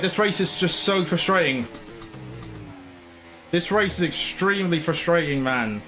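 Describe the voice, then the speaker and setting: A man's voice: a little high, normal speed, pushed and bright, faint music behind. A man commentating his own racing game, frustrated and ranting. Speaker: gaming channel host.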